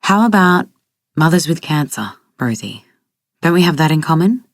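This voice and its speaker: A woman reading as a soft, coaxing stepmother. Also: sits low, very animated, normal speed, dry recording, studio quality, heavily acted.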